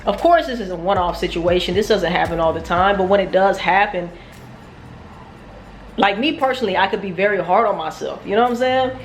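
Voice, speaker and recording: A woman's voice: mid-range voice, a little fast, reverberant, faint music behind. A woman telling a casual, profane, self-mocking story about her day trading. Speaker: trading vlogger.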